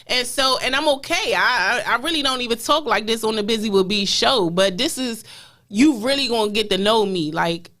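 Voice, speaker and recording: A woman hosting a casual talk show, her voice bright and ringing. She is emphatic and uplifting and often repeats phrases for emphasis. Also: a little high, expressive, moderate pace. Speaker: show host. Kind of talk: casual inspirational chat.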